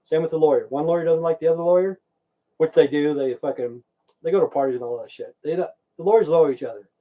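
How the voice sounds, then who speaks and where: Man, livestream rant, fairly high voice, soft dark tone, rambling, swears often. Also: fast talker, poor audio. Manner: rambling, profane, keeps saying "okay"; chats back to viewers in the stream chat. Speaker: livestream host.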